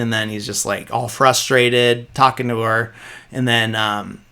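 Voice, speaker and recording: A man hosting a podcast, casually recapping a film's plot, full of fillers and quick asides where he quotes the characters. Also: mid-range voice, gravelly, clean tone. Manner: rambling, filler-heavy, quoting characters in a flat voice. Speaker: podcast host.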